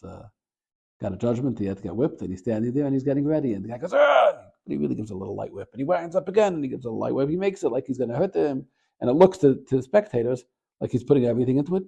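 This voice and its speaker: Fast-talking gravelly rabbi telling a story. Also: male voice, highs cut off. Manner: animated storyteller, gets louder and higher at the story's peak. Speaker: rabbi and Torah teacher. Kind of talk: short Torah talk with storytelling.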